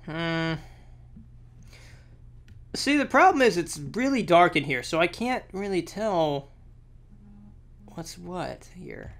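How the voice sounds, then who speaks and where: Excitable young man, lively high voice. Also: slow, long pauses. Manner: excitable, exclamatory, talks to the game. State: slightly sick, sore throat. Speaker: gameplay commentator. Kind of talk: let's play commentary.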